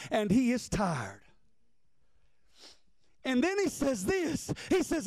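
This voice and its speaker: Male preacher, very high voice, emphatic drawn-out sermon delivery. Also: huge pitch swings, a little mellow, no room sound, low-quality recording. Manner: emphatic, repetitive preaching cadence with drawn-out phrases.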